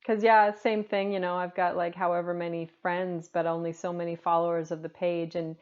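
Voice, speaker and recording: A woman with a lower-pitched voice co-hosts a relaxed talk show, thinking out loud with lots of "like" fillers. The recording sounds dull and muffled, a lo-fi capture. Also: brisk, smooth. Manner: reflective, many "like" fillers. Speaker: podcast co-host. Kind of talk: casual conversation.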